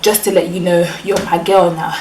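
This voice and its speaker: A man's voice: level tone, normal speed, darkish tone, roomy sound, distant mic, a little hiss or hum, natural voice, rough recording. Woman putting on a creepy muttering male stranger. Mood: menacing mutter. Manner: low muttering under the breath. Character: creepy persistent male stranger, smooth then menacing.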